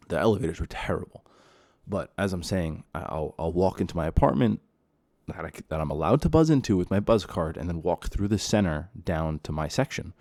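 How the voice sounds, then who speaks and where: A man hosting a podcast, ranting alone about his old apartment, exasperated and repeating himself, getting louder when heated. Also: sits low, no room sound, studio quality. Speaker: podcast host. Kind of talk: solo ranting monologue.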